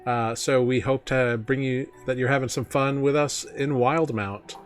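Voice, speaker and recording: A man running a tabletop game stream as its host, talking in a relaxed, casual way with many fillers. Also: mid-range voice, moderate pace, soft background music. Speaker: game master.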